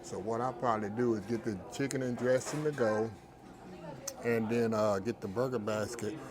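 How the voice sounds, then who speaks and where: A man's voice: medium pitch, fairly even intonation, moderate pace, crowd noise. A man, a food vlogger hosting, chatting casually to viewers and calling them y'all. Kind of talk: casual vlog chat to viewers. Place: car in the rain, then small diner. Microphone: lapel mic. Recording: noisy road and diner background.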